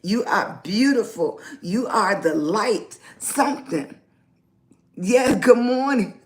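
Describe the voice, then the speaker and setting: A woman's voice: mid-range voice, animated, slow. A woman hosting a casual livestream, greeting viewers by name and speaking upbeat, affirming words of encouragement. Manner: motivational, speaks positive affirmations. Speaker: lifestyle blogger hosting a livestream. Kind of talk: casual live-stream chat.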